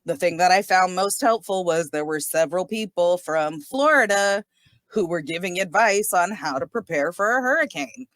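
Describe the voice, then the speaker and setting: A woman in her thirties from Southern California hosting a casual podcast chat, animated, laughing often and swearing casually. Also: lowish voice, normal speed, no echo. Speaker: podcast host.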